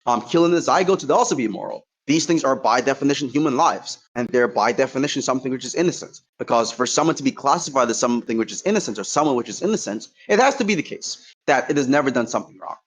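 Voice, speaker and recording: Here is a man arguing in an online voice-chat debate at a rapid clip, his voice sitting at an ordinary middle pitch. He is combative and profane, mocking his opponent, yet he keeps walking through his points one at a time. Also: expressive. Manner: combative, profane trash talk; lays out points step by step.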